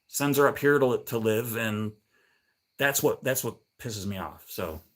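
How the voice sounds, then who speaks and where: A man's voice: medium pitch, measured pace, fairly bright tone. A middle-aged man hosting a livestream, telling a rambling, annoyed story in casual chat and acting out both sides of the conversation. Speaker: livestream host.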